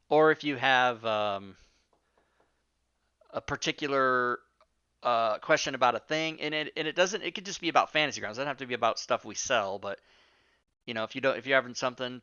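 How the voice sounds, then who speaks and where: A man's voice: medium pitch, sharp tone, clean tone, dry recording, lo-fi sound. A man hosting a live-streamed talk show, chatting casually and rambling off on tangents with the odd swear word. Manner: rambling, profane, self-interrupting.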